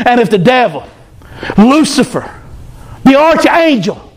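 A male pastor preaching a sermon, animated, acting out the voices of proud people. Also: very high voice.

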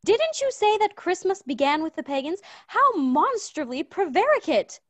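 A woman's voice: very high voice, very animated, moderate pace, no room sound. A woman voicing a fussy, doting wife and mother who talks in a gushing, coaxing way, as in a radio play. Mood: chiding. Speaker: Mrs. Fountain.

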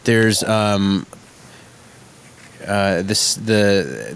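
A man in a casual sports chat, hesitant, with ums, drawing names out slowly. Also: on the low side.

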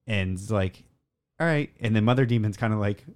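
A man with a fairly low voice talks through a show recap in a loose, rambling way. He keeps slipping in "like" and quick acted snippets of the characters' lines. It sounds like easygoing podcast chat. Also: fairly even intonation, a little mellow, clean tone. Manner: rambling retelling, acts out character lines, many "like" fillers. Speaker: podcast co-host. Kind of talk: casual episode recap chat.

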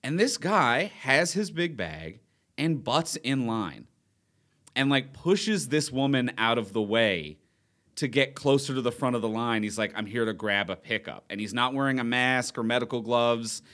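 A man's voice: medium pitch, lively intonation, a little slow, fairly bright tone. A man, a podcast guest, telling a comic story with rising indignation. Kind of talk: animated storytelling.

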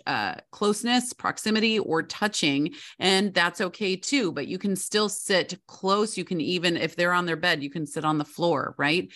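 Brief: woman, middle-aged, low register, assured instructive podcast guest. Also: fairly bright tone. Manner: confident, instructive, often adds "right?". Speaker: parenting guest expert. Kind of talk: podcast interview advice.

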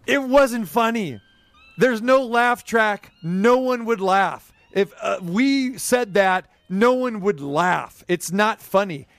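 A man's voice: high voice, fairly bright tone, dry recording. A man hosting sports talk, arguing his point in an insistent, emphatic way. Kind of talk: sports radio commentary and debate.

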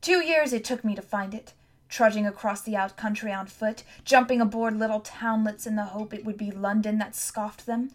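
A woman's voice: mid-range voice, moderate pace, close to an everyday voice. A woman reading an audiobook, voicing a fierce, bitter scarred teenage girl who talks curtly and with scorn. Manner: curt, blunt, scornful.

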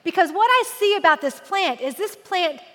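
A woman in her forties preaching a sermon, lively and joking, slowing down to read scripture aloud solemnly. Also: extremely high pitch, long reverb tail. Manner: animated and humorous, slow solemn scripture reading. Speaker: women's ministry speaker.

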